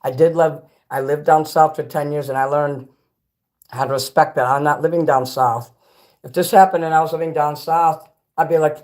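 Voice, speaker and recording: On his livestream, a Chicago man speaks at a normal speed in a fairly high voice. He reads chat messages out loud, eats snacks while talking, and rambles on bluntly with some free swearing.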